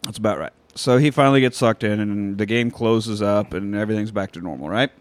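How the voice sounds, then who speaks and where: A man's voice: lowish voice, brisk, dry recording. A man casually recapping a film on a podcast, swearing freely and acting out scenes. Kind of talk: casual comedic recap with crude jokes.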